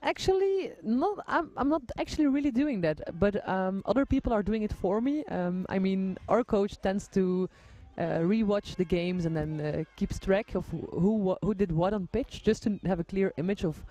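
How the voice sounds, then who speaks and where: A woman's voice: mid-range voice, moderate pace, few pauses, mellow, muffled recording. A woman commentating a live sports match, friendly and giggly, often correcting herself.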